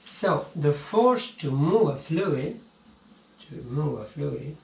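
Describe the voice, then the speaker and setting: A man teaching a casual physics lesson, halting and repeating words as he explains, recorded on an action camera at home. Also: on the high side, lively intonation, gravelly, slight background noise. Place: home room. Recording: echoey room with faint ambience.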